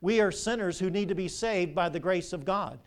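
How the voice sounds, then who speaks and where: An older pastor preaches in a high, ringing voice. He tells stories with animation and keeps asking the congregation rhetorical questions. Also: normal speed. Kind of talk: sermon.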